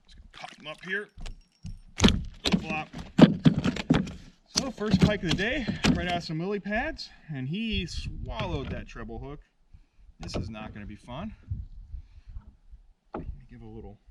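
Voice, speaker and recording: A man giving casual, slangy running commentary while fishing from a boat on a remote lake, laid-back and quick to get excited over a catch. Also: mid-range voice. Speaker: outdoor vlogger and angler. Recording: distant voice over loud outdoor noise.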